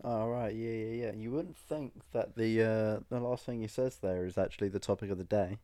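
A man's voice: fairly low pitch, moderate pace, warm tone, no echo, clean studio sound. A young man hosting a casual podcast, playful and teasing, swearing freely. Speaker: podcast host. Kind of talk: casual joking podcast chat.

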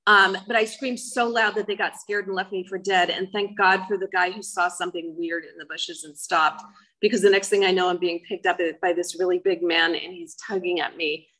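A woman's voice: fairly low pitch, fairly even intonation, fairly quick, fairly bright tone, poor audio. A middle-aged woman giving a personal testimony talk, earnest and emotional, with many fillers. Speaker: speaker sharing her life story.

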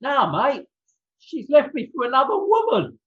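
Man playing a blunt skinhead, crude cheeky bloke, high voice, lo-fi call audio. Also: huge pitch swings, moderate pace, full character voice. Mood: rueful. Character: rough working-class male skinhead, down on his luck, blunt. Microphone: video call.

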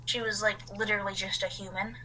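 A woman with a bright, clear tone co-hosts a casual podcast. She rambles through a story from her notes and breaks off for offhand asides. Her pitch sits at an ordinary middle height. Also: flat delivery, fast, a little hiss or hum, low-quality recording. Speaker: podcast co-host.

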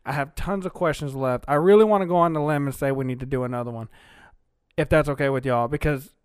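A man hosting a podcast, chatting in a relaxed, encouraging, loosely phrased way. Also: medium pitch, fast talker, clean tone, dry recording, studio quality. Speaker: podcast host. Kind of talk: casual podcast chat.

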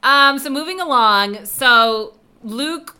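A young woman co-hosting a podcast in casual chat, animated and swearing as she recaps scenes. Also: high-pitched, takes it slowly, smooth. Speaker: podcast co-host.

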